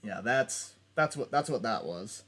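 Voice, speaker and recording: A man's voice: mid-range voice, animated, measured pace, fairly bright tone, husky. A young man chatting casually while playing a video game, rambling and restarting his sentences. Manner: rambling, self-interrupting, laughs often. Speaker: gaming YouTuber. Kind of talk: casual let's play chat.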